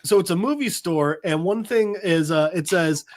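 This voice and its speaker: Animated man retelling a comic. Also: high voice. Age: 30s. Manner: acts out dialogue in quick voices, laughs often. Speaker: podcast co-host. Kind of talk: casual chat retelling a comic book.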